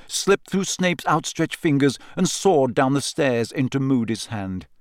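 A male audiobook narrator, medium in pitch, tells a novel's story in an evenly paced, measured way from a script. The recording sits close and dry, with no trace of the room.

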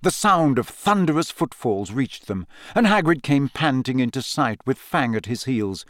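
A man narrates a story with lively, expressive intonation. The recording is dry and close, with no room sound. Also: medium pitch, normal speed, no echo. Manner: expressive, varied. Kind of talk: audiobook narration.

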